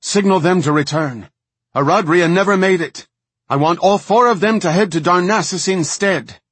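A man's voice: medium pitch, very animated, slow, fairly bright tone, breathy edge, no echo, voice pushed up, exaggerated voice. A man voicing a stern, fierce female night elf commander who barks urgent orders in an audiobook. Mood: urgent shouting. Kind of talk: audiobook character voice.

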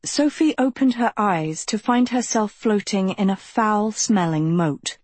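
Slow, breathy woman reading an audiobook. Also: medium pitch, no room sound. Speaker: audiobook narrator. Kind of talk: scripted audiobook narration.

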